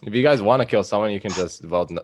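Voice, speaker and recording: A man playing a social deduction game, calmly reasoning and arguing his own defense. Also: lowish voice, quick pace. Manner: calm, reasoning, defending himself. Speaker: player. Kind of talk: casual game table banter.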